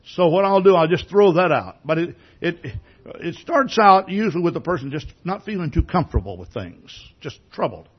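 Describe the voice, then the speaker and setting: A man's voice: fairly high pitch, big pitch swings, moderate pace, slightly rough, highs cut off. A man preaching a sermon in a conversational way, asking many rhetorical questions and often repeating words as he starts a sentence. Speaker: pastor.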